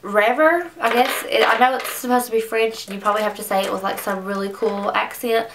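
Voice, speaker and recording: Young woman gushing over makeup, gravelly voice, a bit far from the mic. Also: a little high, steady tone, a little fast, background noise. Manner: chatty, gushing, says "like" often. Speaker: beauty vlogger. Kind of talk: casual makeup review. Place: makeup room at home.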